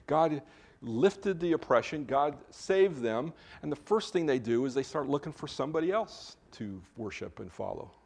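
A man's voice: a little high, a little mellow. A male pastor preaching a conversational sermon, informal, with frequent restarts and joking asides.

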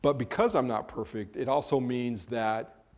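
A man in the middle of a sermon, speaking in a measured, conversational way to the people in front of him. His voice sits at an ordinary middle pitch. He teaches steadily and talks to the listeners directly. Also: a little mellow. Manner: measured and conversational, addressing a small congregation. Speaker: pastor. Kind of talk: sermon on a Bible passage.

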